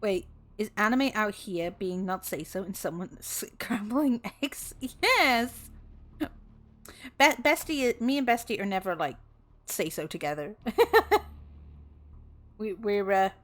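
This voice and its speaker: A woman's voice: mid-range voice, lively intonation, slow pace, pauses often, a bit bright. A woman streamer chatting casually with her viewers, bubbly and giggly, laughing often.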